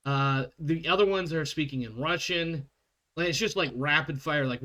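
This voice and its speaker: A man's voice: fairly high pitch, normal speed, bright, forceful tone. A man narrating as game master of a tabletop game in a casual, rambling way, laughing often.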